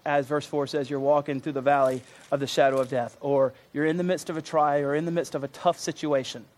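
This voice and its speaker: A man preaching a sermon to his congregation, earnest and emphatic, often repeating himself for weight. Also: fairly high pitch. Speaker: pastor.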